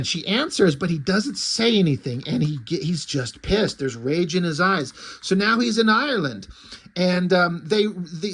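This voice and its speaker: A man gives a casual, rambling comic book review, walking through each page. His voice sits fairly high. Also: a bit bright. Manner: rambling, with frequent ums and restarts.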